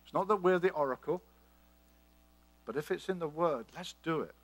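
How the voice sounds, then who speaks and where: Middle-aged man, preacher, forceful sermon, raised pitch; hammers points with rhetorical questions. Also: normal speed, low-quality recording.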